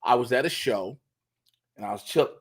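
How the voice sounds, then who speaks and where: A man's voice: mid-range voice, normal speed. A man, a comedian and co-host, telling a story in casual chat and acting out the dialogue. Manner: animated storyteller who acts out the dialogue.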